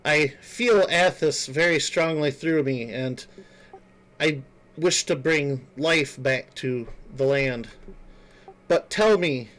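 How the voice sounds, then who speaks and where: A man's voice: on the high side, fairly bright tone. A man voicing a humble, devout young woman who speaks in an earnest, hesitant way. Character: shaky, humble young woman devoted to the land.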